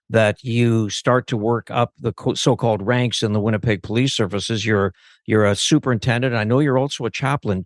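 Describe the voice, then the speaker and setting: A man hosting an interview, asking measured, reflective questions. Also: medium pitch, no room sound, studio quality. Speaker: interviewer host.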